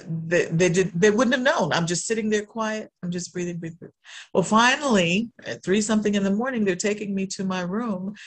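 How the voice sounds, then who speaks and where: Woman telling a lively sermon testimony. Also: medium pitch. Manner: animated storytelling with repeated refrains.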